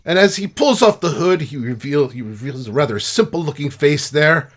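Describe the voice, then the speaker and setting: A man's voice: a little high, lively intonation, normal speed. A man narrating a tabletop game as game master, playful and descriptive, over a remote call microphone. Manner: playful, descriptive, laughs easily.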